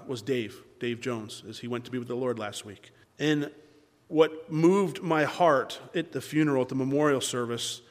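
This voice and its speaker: A man preaching a sermon at a Bible study, earnest, with dramatic pauses and restarts. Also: mid-range voice. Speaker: pastor leading a Bible study. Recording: long hall reverb.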